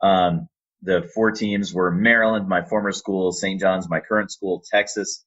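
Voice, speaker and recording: A man in his thirties, a sports announcer and voice actor, telling animated stories in a casual podcast interview. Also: deep voice, measured pace, highs cut off. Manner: animated storyteller, acts out quotes.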